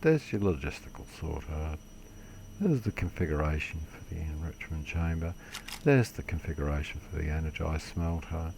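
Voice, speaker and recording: A man's voice: rumbling low, normal speed, vocal fry, darkish tone, slight background noise. A man giving a casual, rambling game tutorial commentary, self-deprecating and swearing mildly. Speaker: gaming video creator.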